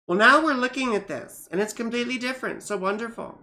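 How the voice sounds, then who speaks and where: A woman astrologer chatting casually on a livestream, rambling with many fillers and grumbling at her software. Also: a little high, fast, hardly any pauses. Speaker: astrologer reading charts on a livestream.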